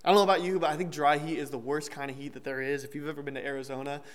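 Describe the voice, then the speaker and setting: Young man, sermon, casual and joking, fairly high voice, long reverb of a large hall. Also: steady tone, racing. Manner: conversational, with restarts and light humor. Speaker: preacher.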